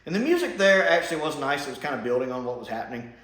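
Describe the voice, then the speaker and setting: Sarcastic man with a lively, echoey voice. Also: mid-range voice, rapid-fire. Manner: blunt, sarcastic, mocking impressions. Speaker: TV episode reviewer. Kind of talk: casual spoken review. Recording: echoey room.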